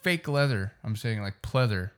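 A man's voice: lowish voice, expressive, moderate pace, a bit bright. A young man co-hosting a podcast in a casual, slangy chat, swearing freely.

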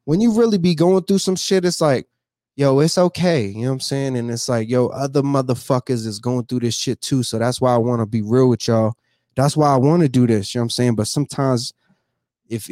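A man's voice: medium pitch, warm tone, dry recording. A man talking emotionally in a casual, slangy personal vlog, cursing a lot and repeating himself, close to tears. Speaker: vlogger.

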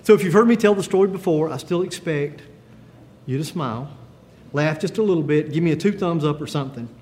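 A man pastor preaching a sermon in a gentle, conversational way, with frequent pauses and fillers. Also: fairly high pitch, big-room sound.

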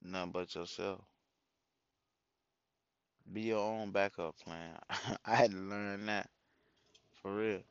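A man's voice: sits low, fairly even intonation, takes it slowly, gravelly, long pauses, smooth, no room sound, highs cut off. Rambling, profane man telling stories. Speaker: father talking to his followers. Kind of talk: casual storytelling monologue.

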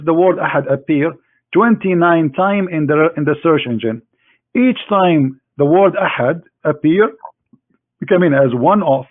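Mocking man on a tinny line. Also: sits high. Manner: mocking, teasing, repeats phrases for emphasis. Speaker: host debating a caller. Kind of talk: argumentative religious debate call. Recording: phone-like narrow band.

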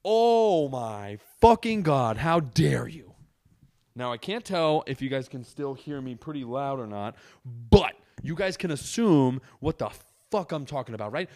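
On his casual solo podcast, a young adult man tells a wildly exaggerated, animated story from his couch at home, swearing all the while. He speaks at a medium pitch.

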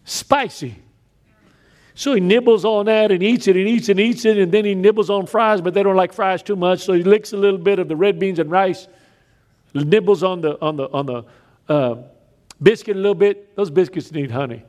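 A man preaching a sermon, telling stories with big swings between loud raised lines and quiet emphatic drops. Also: sits high, a little fast. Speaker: pastor.

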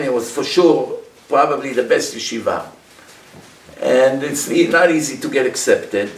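A man with a slightly high voice preaches like a storyteller, firing off rhetorical questions. He was recorded from a distance in a reverberant room. There is a faint hiss underneath. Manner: animated storyteller, rhetorical questions, acts out characters. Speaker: religious teacher. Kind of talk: sermon-style Torah talk with storytelling. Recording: echoey room, mic from far off, faint hiss.

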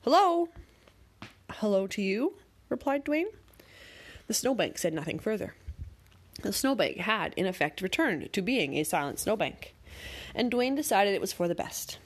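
A woman narrating a bedtime story in a calm, gentle, measured way. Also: medium pitch, husky.

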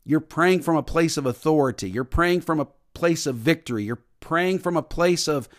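A man's voice: fairly high pitch, normal speed. A man preaching a sermon as pastor, emphatic and repetitive, sometimes mimicking stiff formal prayers.

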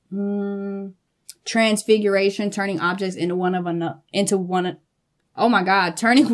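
A woman vlogging casually, animated and quick to laugh, cursing freely, with features. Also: mid-range voice. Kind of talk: casual storytelling chat.

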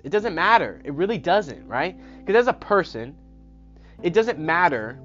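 A man's voice: a little high, very animated, moderate pace, fairly bright tone. A man hosting a podcast in a casual motivational talk, emphatic, swearing now and then and tagging his points with "right?". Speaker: podcast host. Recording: muffled lo-fi with guitar music behind.

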